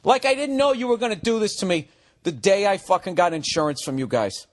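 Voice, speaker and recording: A man's voice: high voice, animated, a little fast, dry recording. A man hosting his own podcast from a room at home, ranting sarcastically and swearing a lot. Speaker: podcast host. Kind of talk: solo comedic podcast rant.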